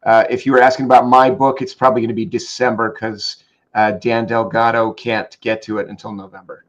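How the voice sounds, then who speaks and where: A man co-hosting a casual livestream chat, reading out viewer comments with quick asides. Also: mid-range voice, little pitch movement. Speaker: co-host reading viewer questions.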